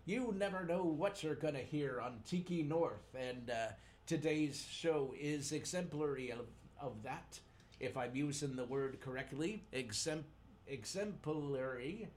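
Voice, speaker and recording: A man hosts a live community radio show from a station studio, his voice a little high and darkish, a little slow, with a slight hiss or hum. He chats casually, jokes, chuckles at his own puns, and slips into playful pirate lingo.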